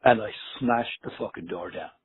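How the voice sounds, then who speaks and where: Husky man on a tinny line. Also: fairly low pitch, normal speed, no echo. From Ireland. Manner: animated, profane, acts out dialogue. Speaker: guest musician. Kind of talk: casual storytelling.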